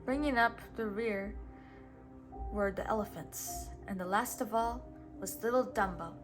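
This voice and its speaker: A woman reading a children's picture book aloud in a gentle, measured way. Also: medium pitch, music in the background. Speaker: storybook reader.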